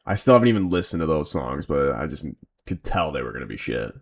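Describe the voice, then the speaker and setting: A man's voice: rumbling low, sing-song, quick pace, vocal fry. Tired, chatty male football fan. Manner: loose, chatty, slangy. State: tired from little sleep. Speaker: fan watch-along streamer. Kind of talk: casual chat and live play-by-play.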